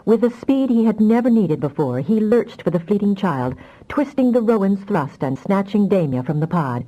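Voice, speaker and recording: A woman narrating a fantasy audiobook with expressive storytelling. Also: medium pitch, normal speed, lo-fi sound.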